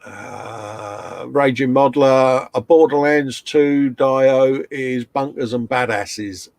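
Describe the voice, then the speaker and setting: Here a man with a creaky, slightly mellow mid-range voice takes his time, and the recording sounds dry. Running a relaxed live stream, he's talkative, reads chat messages out loud, and laughs a lot while welcoming viewers.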